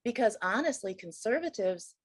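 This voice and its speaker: A woman's voice: mid-range voice, animated, moderate pace, no echo. A woman interviewing, agreeing eagerly and adding her own enthusiastic points.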